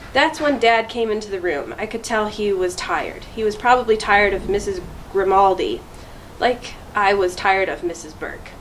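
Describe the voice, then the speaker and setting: A woman reading a children's chapter book aloud to students, in a clear, steady storytelling voice. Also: medium pitch, moderate pace, slight background noise, low-quality recording. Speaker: school deputy reading aloud.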